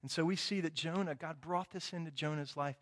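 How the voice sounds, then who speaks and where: A man's voice: on the high side, fairly quick. A middle-aged man preaching a sermon, telling a personal story with quoted dialogue and frequent tag questions. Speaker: pastor.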